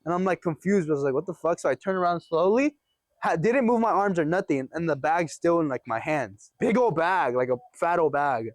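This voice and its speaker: A young vlogger tells a story casually and animatedly, swearing often and laughing as he goes. His voice is a little high and brisk, and the recording is dry.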